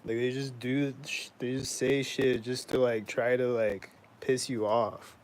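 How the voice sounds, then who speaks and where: A man's voice: mid-range voice, little pitch movement, measured pace, slight background noise, rough recording. Rambling, indignant man on a vlog. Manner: rambling, heavy use of "like", frequent swearing; indignant, complaining. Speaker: vlogger. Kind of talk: casual rambling monologue.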